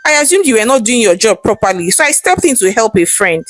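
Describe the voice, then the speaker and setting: A woman's voice: on the high side, sing-song, fast talker, no echo, faint music behind. Woman doing a smug scheming man. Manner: dismissive, sly.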